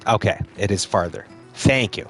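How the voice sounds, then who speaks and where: A man's voice: on the low side, moderate pace. A man casually commenting on a game he streams live, joking and swearing, with game music behind.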